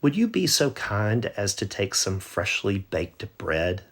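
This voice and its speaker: A man voicing a kind, proper mother in a bedtime story, speaking gently and formally. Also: lowish voice, big pitch swings, takes it slowly, pitched above the performer's own voice, full character voice. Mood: kindly.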